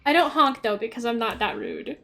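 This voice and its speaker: A young woman chatting casually while livestreaming a game, swinging between mumbled asides and loud squeals. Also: fairly high pitch, wildly swooping pitch, a little fast, vocal fry, soft background music. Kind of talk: casual gaming stream chat.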